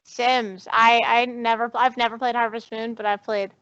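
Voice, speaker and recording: A woman's voice: on the high side, flat delivery, normal speed, a bit bright, clean tone, dry recording. A woman co-hosting a podcast, chatting eagerly and repeating herself as she goes. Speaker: podcast co-host. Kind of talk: casual chat. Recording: dry, dull lo-fi sound.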